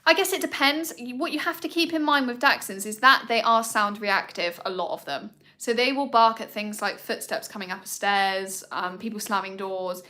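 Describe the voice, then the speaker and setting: A woman's voice: moderate pace, hardly any pauses, pushed and bright. A woman, chatting casually to viewers in a live Q&A about her dogs. She talks in a rambling way, with plenty of ums. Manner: coos at her dogs in a high voice. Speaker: dog owner hosting a live Q&A. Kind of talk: casual live-stream chat.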